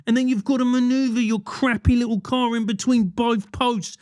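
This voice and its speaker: A podcast host in his forties, working solo, rants animatedly, swearing and doing mock voices. His very high voice is steady and darkish in tone at a moderate pace, recorded in clean studio sound with no echo.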